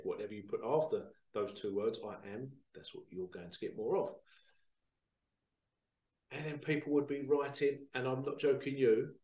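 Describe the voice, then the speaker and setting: A man hosting a show, talking casually to viewers in a chatty, animated storytelling way that repeats phrases. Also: medium pitch, recorded from a distance. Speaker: psychic reader and show host. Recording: roomy sound, away from the mic.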